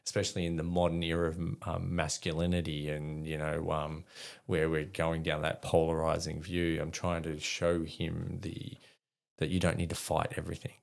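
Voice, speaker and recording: A man's voice: rumbling low, completely flat delivery, normal speed, creaky. A middle-aged man, a veteran guest, telling frank stories in a rambling way with many fillers. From Australia. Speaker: podcast guest, army veteran. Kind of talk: candid conversational storytelling.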